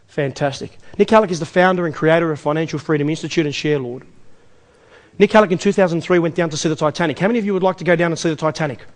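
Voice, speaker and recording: A man with an Australian accent giving a live investment seminar, energetically quizzing the audience with rhetorical questions. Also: fairly high pitch. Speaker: seminar presenter.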